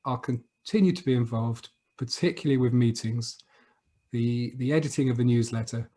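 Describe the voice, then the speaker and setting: A middle-aged man from the UK speaks over a video call, an outgoing trustee giving his farewell. His voice sits at an ordinary pitch for a man. He sounds warm but a little halting, and he often repeats words as he goes. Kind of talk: prepared farewell speech.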